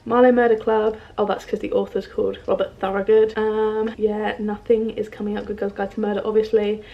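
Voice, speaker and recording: A woman's voice: mid-range voice, level tone, a little fast, dull audio. Chatty young woman, bubbly and rambling. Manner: chatty, bubbly, filler-heavy with lots of "like" and "um". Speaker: book vlogger. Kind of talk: casual chat to camera. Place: home room in front of a bookshelf.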